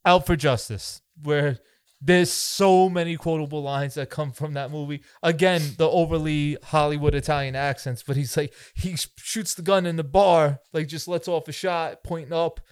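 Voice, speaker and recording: Male podcast co-host, slightly high voice, dry close sound, incredulous riffing. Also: steady tone, moderate pace, clear, resonant tone, no echo. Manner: incredulous, riffing on movie absurdities. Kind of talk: casual movie review chat.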